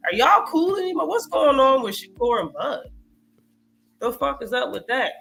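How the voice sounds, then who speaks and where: High-voiced animated man on a live stream. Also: moderate pace, vocal fry. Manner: animated, profane, reacts to live chat. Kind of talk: casual live-stream boxing talk.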